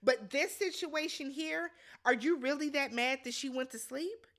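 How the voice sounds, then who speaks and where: A woman giving a casual, animated recap of a reality TV episode, blunt and quick to exclaim. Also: high voice.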